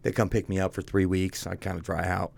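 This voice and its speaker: A man with a very deep voice and plenty of gravelly fry tells his story as a guest. He talks bluntly and conversationally, tossing "dude" at the host. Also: little pitch movement, fairly quick, a little mellow. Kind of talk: casual candid storytelling.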